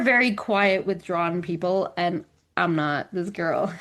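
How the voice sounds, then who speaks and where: A woman with a light English accent co-hosts a podcast, telling stories in casual chat with animated delivery and frequent laughter. Her voice is lowish and her pace measured.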